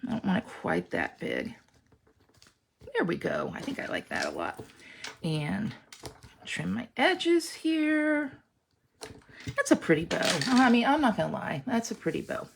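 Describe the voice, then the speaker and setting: A woman talks viewers through a stamping project in a casual, chatty demonstration. Her voice has a gravelly edge and swings lively up and down in pitch, and she keeps reassuring her audience as she works. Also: measured pace, pauses often, noisy background. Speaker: online stamping class instructor.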